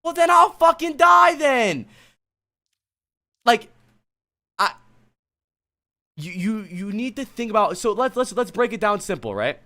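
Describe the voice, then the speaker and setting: Exasperated guy streamer coaching, high voice that jumps all over, cusses a lot, keeps talking to chat. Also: pushed and bright. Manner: blunt, exasperated, profane; talks to chat while lecturing a student. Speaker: streamer coach reviewing gameplay. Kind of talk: live-stream game coaching.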